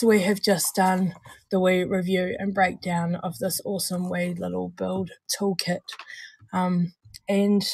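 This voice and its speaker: A woman with a New Zealand accent, co-hosting a show in casual chat, hoarse and unwell, rambling and laughing as she stumbles over words. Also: medium pitch, dry recording. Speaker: co-host of a vaping show.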